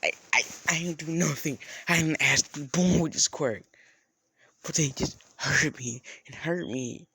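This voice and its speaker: A man voicing an upset, bullied young woman who speaks in a loud, complaining voice. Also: fairly high pitch, unhurried, husky, dry recording, heavily acted.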